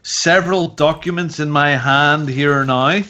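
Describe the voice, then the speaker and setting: A man's voice: on the high side, unhurried, pushed and bright, slight background noise. A man hosting a podcast in casual chat, joking and teasing as he rambles through topics. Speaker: podcast host. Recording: dull lo-fi audio.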